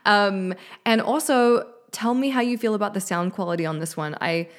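A woman's voice: mid-range voice, normal speed. A woman hosting her own podcast, talking candidly and emotionally in a casual solo chat, swearing now and then, into a studio microphone with a mixer. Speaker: podcast host.

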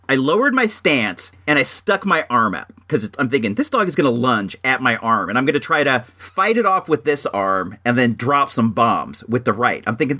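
A man's voice: mid-range voice, pushed and bright. A young man telling a story in a casual, rambling monologue, often restarting his sentences. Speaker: vlogger.

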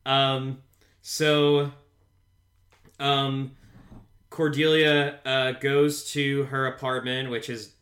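A man co-hosting a casual podcast, walking through an episode's plot in a loose, rambling way. His voice is bright and forceful, at an ordinary pitch, and he stops often for fillers and restarts. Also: level tone, extremely slow, pauses often. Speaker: podcast co-host. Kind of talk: casual show recap chat. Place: home, a pet cat nearby.

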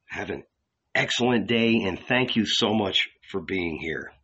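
A man reading a novel aloud in a calm, measured way, recorded lo-fi. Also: on the low side, slightly rough. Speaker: audiobook reader. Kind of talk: scripted narration of a novel. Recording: dull lo-fi recording.

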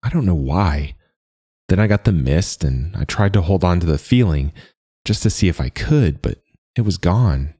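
A man voicing a nervous, halting first-time buyer. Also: low voice, animated, warm tone, husky, exaggerated voice. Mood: reflective. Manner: hesitant, halting.

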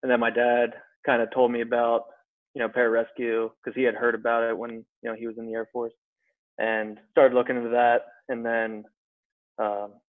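Young man, monotone, low-key, brief answers, phone-like audio. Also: normal speed. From rural Pennsylvania. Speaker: guest, pararescue graduate. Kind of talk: casual interview answers. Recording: phone-like thin sound.

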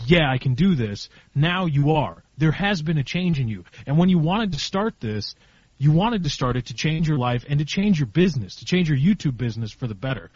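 A man's voice: on the high side, a little mellow, breathy edge, no echo, lo-fi sound. A man in an earnest group conversation, giving a friend blunt advice and restarting his sentences as he makes his point. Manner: blunt, repeats and restarts while making a point.

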